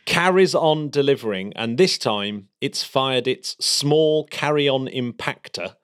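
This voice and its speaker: A man's voice: medium pitch, animated, takes it slowly, clean tone. Chatty, enthusiastic man. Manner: enthusiastic, chatty, with fillers and restarts. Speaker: podcast co-host. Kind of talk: casual space news chat.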